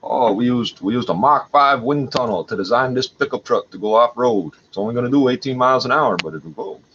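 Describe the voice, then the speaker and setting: Man, agitated, swearing, rambling monologue, middle pitch, dull audio. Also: lively intonation, brisk, a bit bright. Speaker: livestream host. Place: at home. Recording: dull lo-fi audio with faint noise.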